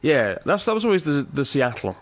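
A man's voice: fairly high pitch, sing-song, brisk. Chatty man hosting a podcast. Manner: jokey, chuckles often, reads listener emails aloud. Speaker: podcast host. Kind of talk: casual podcast chat.

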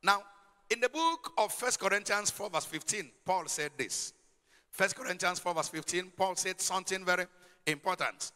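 A man's voice: sits high, animated, moderate pace, bright, forceful tone, clean tone. A man preaching a sermon, emphatic and calling out questions to his congregation. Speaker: pastor. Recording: long hall reverb.

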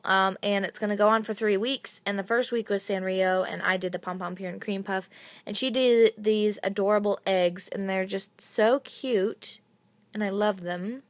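A young adult woman gushing over gifts in a casual unboxing vlog, with bursts of breathy excitement. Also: mid-range voice, no echo. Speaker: vlogger.

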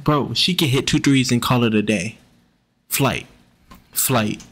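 Slow-talking man teasing through reaction commentary. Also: mid-range voice, a bit bright. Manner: teasing, mocking, repeats himself. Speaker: reaction video host.

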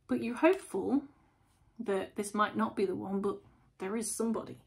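A woman's voice: mid-range voice, steady tone, normal speed, vocal fry. A woman chatting through a casual tarot reading, asking lots of rhetorical questions. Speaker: tarot reader.

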